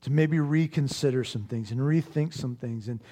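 A man preaching in a middle-pitched voice. He tells his story with lively bursts of volume, and at other times his voice drops to a soft, hushed prayer. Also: moderate pace. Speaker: pastor. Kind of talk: sermon with a personal story.

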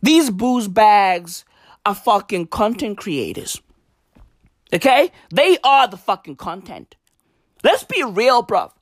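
A woman's voice: mid-range voice, sing-song, slow pace, dry recording, clean studio sound. A woman delivering a comedic rant, profane and slangy, hammering her points with repetition. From South Africa.

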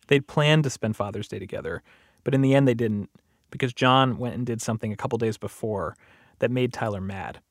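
A man hosting the program, calmly narrating a scripted account and interviewing a caller. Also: medium pitch, brisk, no room sound, clean studio sound. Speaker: host and narrator.

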